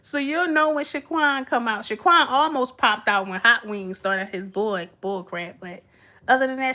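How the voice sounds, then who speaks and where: A woman's voice: a little high, normal speed, sharp tone. A woman, chatting casually and giggling with her livestream viewers. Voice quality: sweet voice. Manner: giggly, chatty, talks back to chat. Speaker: livestream host.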